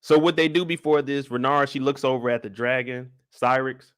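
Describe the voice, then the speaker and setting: A man's voice: medium pitch, smooth. A young man, hosting a casual live show recap and acting out the characters as he talks. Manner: animated storytelling, acts out characters in quick voice switches.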